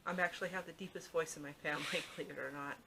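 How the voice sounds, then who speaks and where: A middle-aged woman author talking casually to her camera in a soft, faint voice, chatty and full of ums and restarts. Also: sits low, fairly even intonation, racing, vocal fry, background noise. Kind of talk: casual vlog talk to camera. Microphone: camera microphone.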